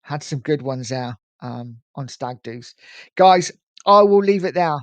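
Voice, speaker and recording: A man's voice: fairly high pitch, expressive, a little slow, no echo. A middle-aged English man with a slight lisp, hosting a casual football live stream and chatting through viewer comments. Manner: chatty, friendly, urges viewers to like and subscribe.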